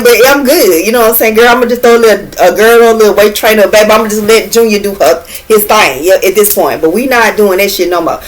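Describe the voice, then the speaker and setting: A woman's voice: fairly high pitch, low-quality recording. A middle-aged woman telling a casual storytime vlog, talking in loose slang and swearing freely, and filling her talk with "you know what I'm saying.". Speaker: vlogger.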